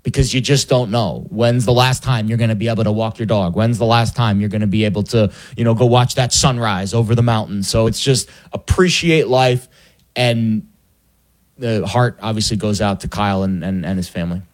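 A man's voice: lowish voice, moderate pace. Earnest man, hesitant, full of ums. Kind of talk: casual sports talk.

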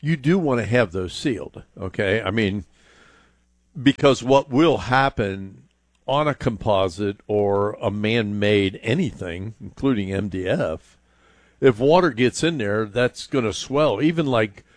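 A man's voice: on the low side, a little slow, no room sound. A man hosting a call-in home improvement show, thinking aloud with lots of fillers and restarts as he gives advice.

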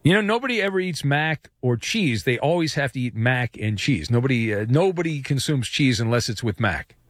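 Lively teasing male radio host. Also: mid-range voice, no echo, clean studio sound. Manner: teasing, jokey, quick to shout when excited. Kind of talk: playful sports radio banter. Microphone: studio mic.

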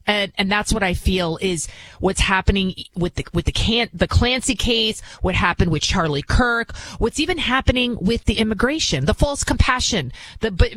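A man's voice: high voice, a bit bright. A male radio talk show host delivering an indignant, repetitive monologue.

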